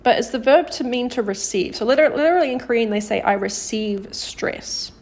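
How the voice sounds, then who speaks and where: A woman teaching a live-streamed grammar lesson, patient and encouraging, praising viewers by name and slowing down to model example sentences. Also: fairly high pitch, expressive, a little mellow. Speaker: Korean language teacher.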